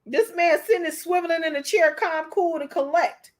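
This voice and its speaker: Emotional, preachy high-voiced woman. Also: moderate pace. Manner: preachy, repeats herself, calls listeners honey. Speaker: commentator. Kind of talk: emotional commentary.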